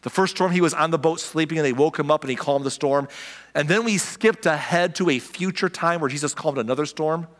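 A man's voice: a little high, fairly quick, fairly bright tone, big-room sound. A pastor giving a casual, conversational sermon and acting out the characters' lines as he retells the story.

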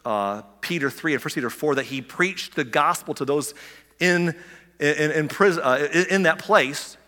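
A man preaching from a church pulpit, his voice sitting a touch high and ringing bright and forceful. He gets carried away, tripping over restarts and firing rhetorical questions at the congregation. A long reverb trails each phrase through the sanctuary. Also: moderate pace. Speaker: pastor. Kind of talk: sermon.

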